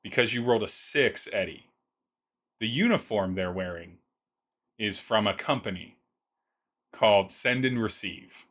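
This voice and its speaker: Low-voiced man narrating as game master. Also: a bit bright. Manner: descriptive, halting, with many restarts.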